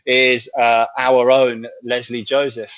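A man's voice: medium pitch, level tone, slow, a bit bright, clear, resonant tone, dry recording. A man, chatting casually with wry asides as a podcast co-host. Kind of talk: casual chat. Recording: dull lo-fi sound.

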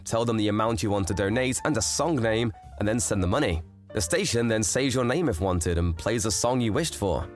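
A man narrates stories aloud with a lively, rising and falling delivery. His voice sits at an ordinary middle pitch. Soft music plays faintly under him.

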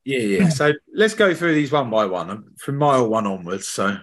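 A man's voice: medium pitch, animated, normal speed. A man hosting a podcast, chatting casually and telling slangy, swear-laced stories. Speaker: podcast host. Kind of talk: casual chat.

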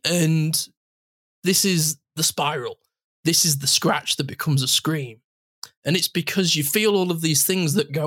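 Man in his thirties, podcast host, slightly high, tearful and heartfelt. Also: unhurried, a bit bright. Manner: emotional, heartfelt, close to tears. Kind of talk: casual podcast chat.

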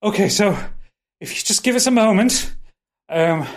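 A frazzled elf wizard captain, as a game master puts him on, nervous and polite. He hurries through apologies in a flustered way, pitched slightly above the man's own voice. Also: lively intonation, moderate pace.

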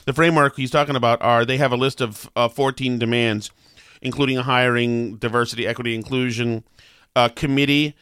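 A talk radio host with a New England accent offers opinionated casual talk in a medium-pitched, fairly bright voice with fairly even intonation, speaking fairly quickly. The studio-quality recording is clean with no echo, and he's rambling and sarcastic with many fillers.

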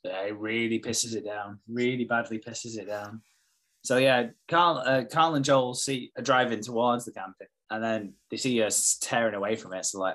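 A man's voice: fairly low pitch, moderate pace, fairly bright tone. A man in casual podcast chat, swearing freely while he retells scenes and slips into quoted lines. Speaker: podcast co-host. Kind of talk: casual chat recapping a show.

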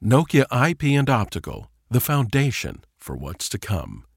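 A man's voice: medium pitch, huge pitch swings, moderate pace, gravelly, husky, dry recording, studio quality. A man reading a scripted sponsor message in a polished, promotional delivery. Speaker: ad announcer.

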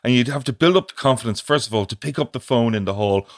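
Halting middle-aged man. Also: mid-range voice. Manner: halting, repeats words as he gathers his thoughts. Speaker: podcast co-host. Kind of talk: casual podcast chat.

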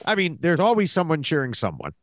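A man's voice: fairly high pitch, fast, dry recording, clean studio sound. A man co-hosting a TV recap podcast in casual chat, rambling and trailing off in fillers. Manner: chatty, animated, trails off in fillers. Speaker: podcast co-host.

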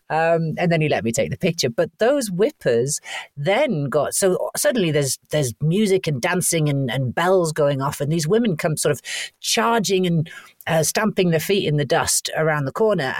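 A woman from Wales, a podcast guest, telling a story in a chatty, animated way that is full of laughs. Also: low voice, no room sound, studio quality. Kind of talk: casual anecdotal storytelling.

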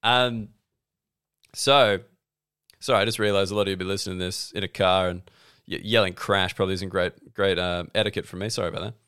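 Sardonic Australian man, smooth voice. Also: low-pitched, fairly even intonation, quick pace, a bit bright. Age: 30s. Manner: rambling, sardonic, acts out both sides of quoted exchanges. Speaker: comedian and podcast host. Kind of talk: casual comedic monologue.

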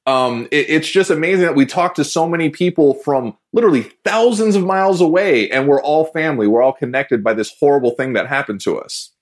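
A man's voice: on the high side, brisk, hardly any pauses. A man hosting a podcast interview in casual chat, talking with frequent restarts. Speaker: podcast host.

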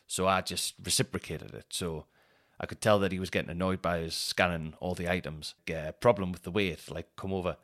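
A man's voice: sits low, steady tone, fairly quick, a bit bright. A man hosting a podcast, telling a rambling, sweary shopping story and laughing as he goes. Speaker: podcast host. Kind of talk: casual storytelling monologue.

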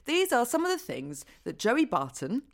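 A woman's voice: fairly high pitch, wildly swooping pitch, moderate pace, gravelly. A woman co-hosting a podcast who tells stories in a wry, teasing way during casual comedic chat. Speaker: podcast co-host.

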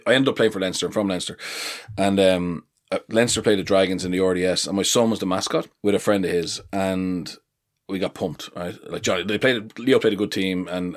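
Irish guest, forties, low voice, chatty and self-deprecating, easy podcast talk. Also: male voice. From Ireland. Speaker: podcast guest, rugby pundit. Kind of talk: casual podcast chat.

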